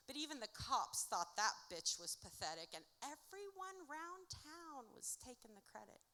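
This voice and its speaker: A woman performing her own spoken-word poetry at a live event, with a rhythmic, dramatic delivery that swings from hushed to loud. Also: high voice, big pitch swings, measured pace. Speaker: author reading her own work. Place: indoor music venue at a live event. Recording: reverberant live venue recording.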